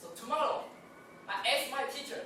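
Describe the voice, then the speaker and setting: High, lively man in echoey hall. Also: fairly quick, distant mic, slight background noise. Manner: laughs through his own jokes. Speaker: club speaker. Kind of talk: humorous prepared speech.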